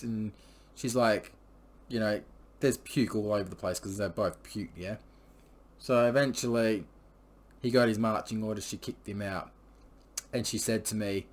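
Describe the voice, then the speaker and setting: Crude rambling man, lowish voice. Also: a little slow, long pauses. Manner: crude, profane and rambling, with many fillers. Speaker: vlogger. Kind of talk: casual storytelling.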